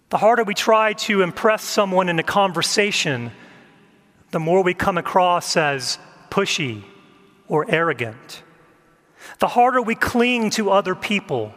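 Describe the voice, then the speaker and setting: Male pastor, gentle slow sermon, high voice, big echo in the church. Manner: gentle, measured, reflective.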